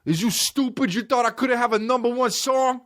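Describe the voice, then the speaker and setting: A man doing a mocking impression of an angry young male rapper, shouting brash taunts. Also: extremely high pitch, normal speed, pitched above the performer's own voice. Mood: angry, taunting.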